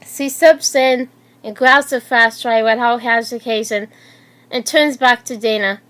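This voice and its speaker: A woman reading a fan story aloud in an unhurried, slightly halting way. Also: on the high side, steady tone, a bit bright.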